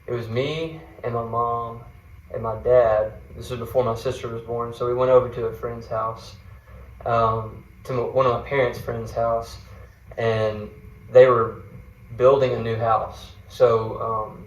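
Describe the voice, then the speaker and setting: A man's voice: medium pitch, flat delivery, a little slow, echoey room, distant mic, rough recording. A man, a guest mentor, tells a personal faith story in an earnest, rambling way, full of fillers and restarts. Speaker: guest mentor sharing a testimony.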